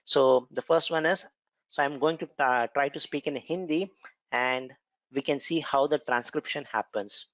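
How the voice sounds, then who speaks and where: A man's voice: mid-range voice, moderate pace, a bit bright, no room sound, muffled recording. A man with an Indian accent teaching a technical lesson, explaining step by step and often correcting himself. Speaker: instructor. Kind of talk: technical lecture with screen demo.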